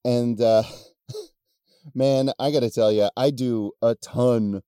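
A man's voice: mid-range voice, fairly even intonation, slow pace, dark tone, clean tone, no room sound. A man co-hosting a podcast, joking and self-deprecating, swearing freely, close on the mic. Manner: jokey, self-deprecating, profane. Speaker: podcast co-host. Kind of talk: casual podcast banter.

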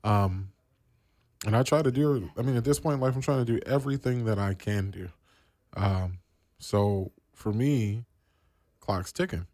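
A man's voice: low-pitched, a little mellow, no echo. A man from the East Coast of the US hosting a radio show, talking casually and slangily with many fillers.

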